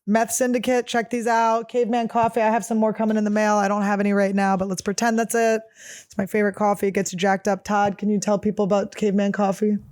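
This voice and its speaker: A woman in her thirties hosts a solo podcast, spilling rambling stories full of swearing and quick jokes. Her voice sits at an ordinary middle pitch. The sound is dry and close, with no room around it. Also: flat delivery, a little mellow, no room sound. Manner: profane, rambling, jokey storytelling. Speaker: podcast host. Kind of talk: casual solo podcast monologue.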